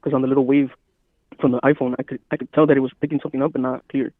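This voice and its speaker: A man's voice: mid-range voice, flat delivery, racing, dry recording. A man telling a rambling story in casual podcast chat, often quoting himself, as a guest calling in by phone. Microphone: phone call. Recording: tinny phone line.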